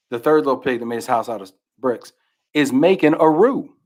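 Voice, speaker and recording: A podcast guest, medium in pitch and moderate in pace, chats casually while animatedly retelling a children's book. His voice frequently slips into a mumble.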